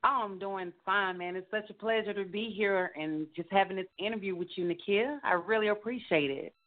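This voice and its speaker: A woman's voice: medium pitch, brisk. A woman rapper and singer, answering interview questions casually with many fillers. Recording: tinny phone line.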